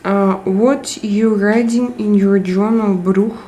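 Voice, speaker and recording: A woman's voice: medium pitch, steady tone, slow, dark tone, a little hiss or hum. A woman hosting a live chat, reading viewer messages and teasing them in a playful, giggly way.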